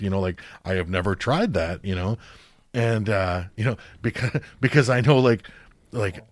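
Rambling low-voiced man in casual chat. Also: no echo. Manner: rambling, full of fillers and restarts, swears casually.

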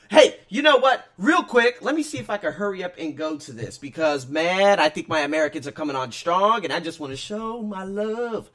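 A man hosting his own podcast, talking casually and rambling, swinging between loud excitement and low mutters. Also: normal speed, hardly any pauses. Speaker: podcast host. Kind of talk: casual solo podcast talk.

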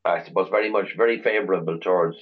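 Over narrow, tinny audio, a middle-aged Irish man speaks fast in a low voice. As a chauffeur tour operator guesting on a casual interview, he tells meandering stories and restarts frequently.

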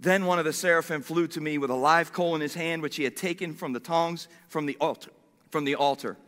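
A pastor preaching a sermon in an animated way, swinging from loud declarations to hushed, quiet lines. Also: male voice, fairly high pitch, fairly quick, big-room sound.

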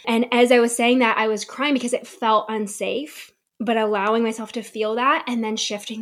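A young woman hosts a solo podcast, speaking candidly and reflectively about her own experience. Her voice sits a little high for a woman, and she keeps a personal, storytelling tone throughout. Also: steady tone, moderate pace, few pauses. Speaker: podcast host.

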